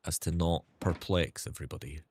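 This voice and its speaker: Young Scottish male streamer, very low voice, softened accent, candid rambling chat. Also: steady tone, brisk, a little hiss or hum. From Scotland. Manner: candid and rambling, with frequent restarts and swearing. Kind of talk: casual livestream chat.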